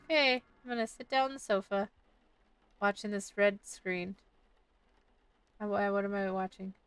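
A woman's voice: mid-range voice, moderate pace, faint music behind. Chatty woman gaming YouTuber, slightly distant mic. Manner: chatty, playful talk to the game's baby. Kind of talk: casual let's-play commentary.

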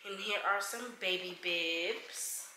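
Young woman, bright crisp voice, chatty and gushing, echoey room with faint hiss. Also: mid-range voice, slow. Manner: gushing, chatty, addresses viewers as y'all. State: expecting a baby. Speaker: vlogger showing baby shower gifts. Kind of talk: casual haul vlog.

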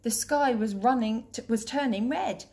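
Teacher lady reading a kids picture book out loud, steady and gentle. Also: on the high side, normal speed.

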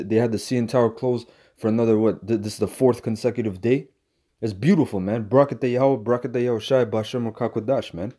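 Angry stammering preacher man, dark voice. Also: medium pitch. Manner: profane, heated, stammering restarts, ends phrases with "man". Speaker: online preacher. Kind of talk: angry ranting livestream monologue.

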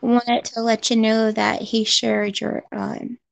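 Slow-talking high-voiced woman. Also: flat delivery, creaky, noisy background. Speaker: co-host reading the chat. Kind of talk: casual live stream chat.

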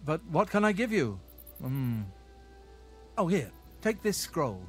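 A fretful game character. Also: male voice, fairly high pitch, sing-song, slow, husky, faint music behind, exaggerated voice. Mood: grateful. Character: fearful paranoid man afraid of falling walls. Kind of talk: video game character dialogue.

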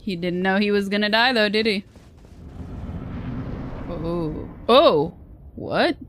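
A woman in her thirties streaming a video game, joking and shouting out in surprise as she plays. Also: medium pitch, slow pace, slight background noise. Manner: playful, jokey, excitable exclamations. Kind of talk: live gameplay commentary. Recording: streamer mic with loud game music.

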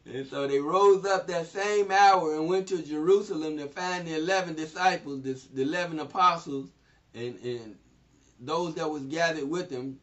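A man with a high-pitched voice teaches through a scripture passage in a loose, informal way. He laughs often and retells each verse in plain everyday speech. The recording is distant, dull and lo-fi. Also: normal speed, a bit bright. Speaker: Bible teacher. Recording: distant mic, dull lo-fi sound.

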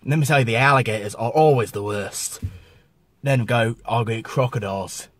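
A man's voice: mid-range voice, normal speed, no echo, voice pushed down, lightly acted. A man putting on a rambling mock-Australian outback guide character. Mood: hearty. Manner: hearty, rambling.

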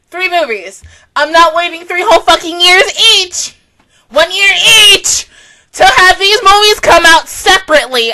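A woman with a high voice hosts an anime reaction, talking casually and swearing freely as she swings between soft musing and loud outbursts.

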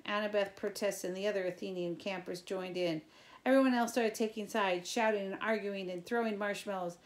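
A woman teacher reading a novel chapter aloud for her students, casual and expressive. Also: mid-range voice.

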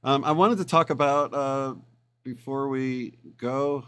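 A man's voice: medium pitch, steady tone, slow pace, fairly bright tone, clear, resonant tone. A man who is a guest on a podcast, explaining his ideas in a thoughtful way. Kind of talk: podcast conversation.

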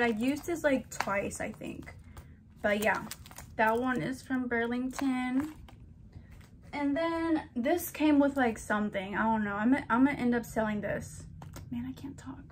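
A chatty young woman talks through her hauls and collections with a slightly high, bubbly voice. She gushes over each item and speaks straight to her viewers. A faint hum of room noise sits behind her. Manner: chatty, gushing, addresses viewers as girlies. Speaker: vlogger. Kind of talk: casual haul vlog.

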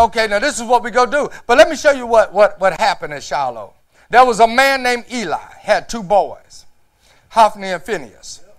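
High-pitched preacher man in a church, gets loud n shouty, keeps tossing "huh?" at the crowd. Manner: preaching with rising shouts and call-outs of "Huh?". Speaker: pastor. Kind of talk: sermon.

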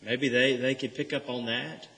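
A man's voice: medium pitch, fairly even intonation, moderate pace, fairly bright tone. A man preaching an earnest sermon, explaining a scripture passage verse by verse and pressing home key phrases. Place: church sanctuary. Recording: church sanctuary with long reverb.

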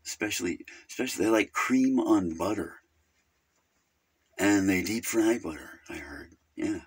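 Guy doing a rambly clueless caller on hold, husky low voice, pitch jumps all over. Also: animated, unhurried. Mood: chatty. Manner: rambling, easily sidetracked, crude. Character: rambling naive middle-aged male caller named Virgil. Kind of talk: comedic character phone call.

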